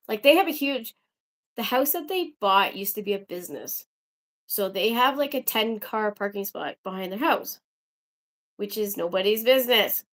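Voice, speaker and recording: A woman's voice: medium pitch, animated, normal speed. Chatty woman ranting on a livestream. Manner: chatty, rambling, exasperated asides to viewers. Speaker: livestream host. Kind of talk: casual livestream chat.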